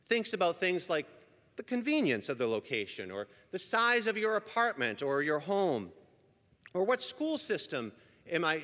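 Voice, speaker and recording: A man's voice: a little high, pushed and bright. A man, a pastor, delivering an earnest, conversational sermon with frequent restarts. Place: church sanctuary. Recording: long reverb of a large hall.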